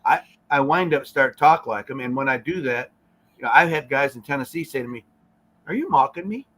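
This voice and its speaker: A man's voice: mid-range voice, a little fast, fairly bright tone. A man from Ohio talking easily as a guest on a live show, often repeating himself as he starts. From Gibsonburg, Ohio. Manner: easygoing, repeats words and restarts. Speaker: guest musician. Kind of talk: casual interview chat.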